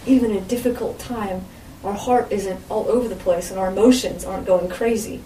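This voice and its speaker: A woman's voice: mid-range voice, fairly even intonation, brisk, dark tone. A woman giving an informal sermon as a Bible teacher, with a conversational manner and frequent asides to her listeners. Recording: roomy echo, distant mic, faint background noise.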